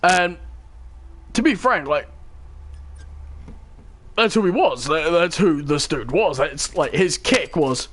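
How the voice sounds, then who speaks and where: A man's voice: on the high side, animated, takes it slowly, long pauses, a bit bright. A young man, casually telling a rambling story with swearing and acted-out quotes. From New Zealand. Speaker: channel host. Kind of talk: casual storytelling while gaming.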